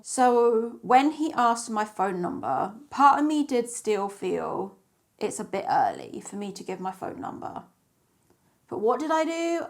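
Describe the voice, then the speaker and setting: Candid, sarcastic young woman vlogger. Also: mid-range voice. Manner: candid, sarcastic, swears casually. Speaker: dating vlogger. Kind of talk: casual storytelling to camera.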